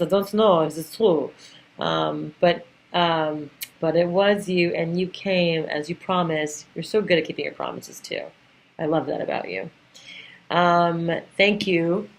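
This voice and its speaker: Gushing woman with a low, gravelly voice. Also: rough recording. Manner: gushing, halting with many fillers. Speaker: friend giving a birthday tribute. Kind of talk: heartfelt spoken birthday message.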